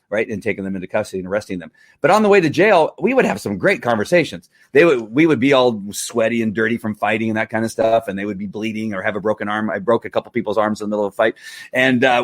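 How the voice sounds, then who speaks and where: A man's voice: on the low side, no room sound, clean studio sound. A man in his fifties talking candidly on a casual livestream as host, rambling with many fillers and restarts. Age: 50s.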